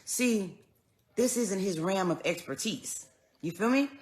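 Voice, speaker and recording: A woman telling a personal story in an earnest, conversational way, going soft and then raised as she relives moments. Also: medium pitch, animated, unhurried. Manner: earnest, conversational, swings between quiet and raised when retelling. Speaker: vlogger.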